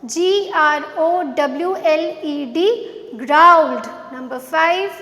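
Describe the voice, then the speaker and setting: High-voiced woman teacher in an echoey room. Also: a bit bright. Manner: slow, spelling words out letter by letter. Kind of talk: classroom revision lesson. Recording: echoey room with long reverb.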